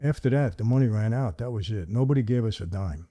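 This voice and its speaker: A man's voice: lowish voice, lively intonation, quick pace, warm tone, dry recording. An older man hosting a conversation, telling stories at length and acting out quoted dialogue. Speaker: host. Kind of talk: conversational storytelling.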